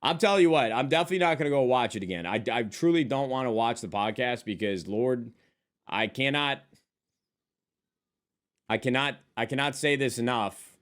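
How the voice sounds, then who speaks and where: At normal speed, a man with a mid-range, fairly bright voice riffs with his live chat from behind a desk and monitor. The banter is casual, crude and playful as he reads and answers viewers.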